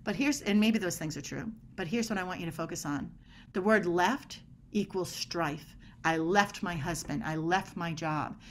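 A woman guest on a podcast explaining body language in an energetic, emphatic way. She often acts out little quoted dialogues as she makes her points. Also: on the low side, moderate pace, slight background noise. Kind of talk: animated podcast conversation.

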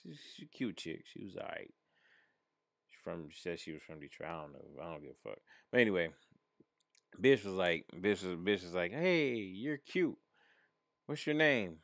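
A man's voice: sits low, expressive, normal speed, gravelly, no room sound, studio quality. A man from Michigan hosting his stream, telling a story from his life in a casual, profane, laid-back way. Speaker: streamer host.

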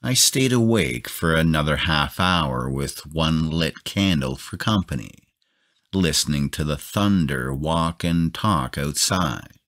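A man narrates a novella in a calm, measured bedtime reading. His voice sits extremely low. He takes his time with every phrase.

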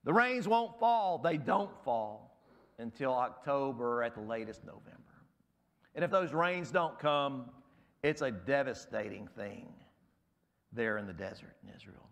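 A man preaching a sermon as pastor in a church, emphatic and rising sharply on key words, his voice going hoarse. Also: mid-range voice. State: losing his voice.

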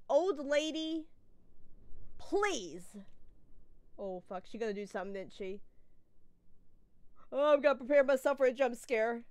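A young woman giving excitable, nervous commentary while playing a horror game, swearing often. Her voice is high and swings widely in pitch. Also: measured pace, pauses often. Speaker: gaming video creator.

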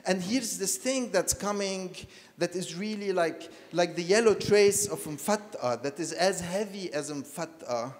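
Reflective man in a reverberant hall. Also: high-pitched. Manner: reflective, halting, circling back on phrases. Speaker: panel speaker. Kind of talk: personal storytelling talk. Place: lecture hall. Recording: long reverb of a lecture hall.

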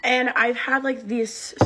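A woman's voice: high voice, fairly bright tone. A young woman making a comedic phone vlog at home, giggly and dramatic, squealing in mock pain. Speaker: comedy content creator.

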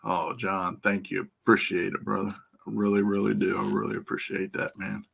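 Gravelly, profane man chatting on a live stream. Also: fairly low pitch, little pitch movement, moderate pace, a bit bright. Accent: American Midwest. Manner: rowdy, profane, laughs often, greets viewers by name. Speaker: livestream host and EFI tuner. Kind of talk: casual live-stream chat with viewers.

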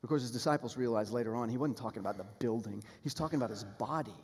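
A pastor preaching a sermon, earnest and emphatic, building toward appeals and repeating key phrases. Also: male voice, medium pitch, racing, hardly any pauses, darkish tone, husky. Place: church sanctuary. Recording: long hall reverb in a church sanctuary.

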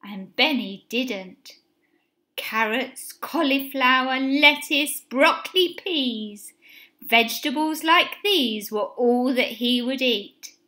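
A woman teacher reading a children's picture book aloud in an expressive, sing-song way. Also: high voice, takes it slowly. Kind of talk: storybook read-aloud.

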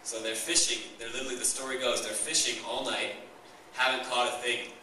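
A man's voice: medium pitch, flat delivery, brisk, pushed and bright, a little hiss or hum. A young man preaching a sermon as pastor, enthusiastic and conversational, recorded in a church hall. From Canada. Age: young adult. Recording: echoey church hall, mic far off.

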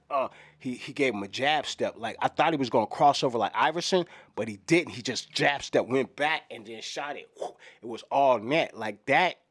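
A man's voice: medium pitch, a bit bright, dry recording. A middle-aged man in a rambling parody press conference, drifting off topic and saying "you know what I'm saying" over and over. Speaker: comedian doing a mock fan press conference. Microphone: microphones in front of him at a podium.

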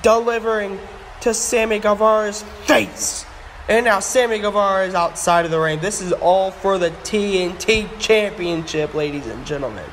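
High-voiced man calling toy wrestling excitedly. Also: normal speed, hardly any pauses. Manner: breathless, shouting exclamations. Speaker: play-by-play commentator. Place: home room with echo. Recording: echoey room, faint background hum.

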